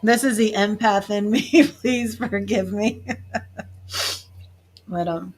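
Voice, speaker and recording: Speaking slowly at a medium pitch, a tarot reader and psychic medium gives live readings. She's chatty and full of fillers, gushing with emotion and sometimes close to tears.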